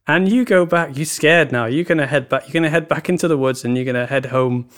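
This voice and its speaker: Male co-host spinning a slow spooky tale, voice slightly high. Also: fairly bright tone. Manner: slow, drawn-out spooky storytelling. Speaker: podcast co-host. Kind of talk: storytelling in casual chat.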